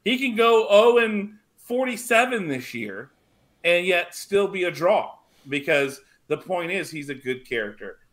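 A middle-aged man co-hosting a wrestling podcast, talking in an animated, casual way and swearing now and then. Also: high voice, measured pace. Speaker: podcast co-host.

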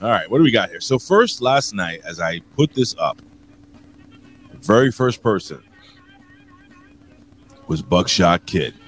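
A man's voice: low voice, sing-song, a little slow, pauses often, a little hiss or hum. A man co-hosting a wrestling talk show, rambling and cursing while joking around. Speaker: wrestling podcast co-host. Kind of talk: casual chat.

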